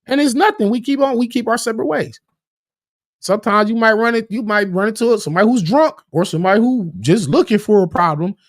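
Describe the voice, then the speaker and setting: A man giving casual livestream commentary on battle rap, animated and profane, often restarting his words and acting out quoted arguments. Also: high-pitched, fast, no echo, studio quality. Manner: acts out quoted arguments in a raised voice.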